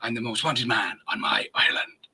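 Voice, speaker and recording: A man's voice: normal speed, creaky, breathy edge, exaggerated voice. A man voicing a proud, wild Irish outlaw with a put-on Irish accent, quoting boastfully. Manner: loud, high, boastful quoting.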